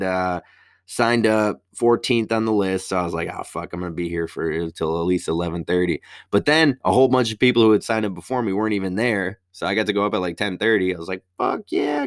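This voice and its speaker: A man's voice: on the low side, smooth, no room sound, clean studio sound. A young man, a stand-up comic, telling a profane story in casual chat. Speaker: stand-up comedian.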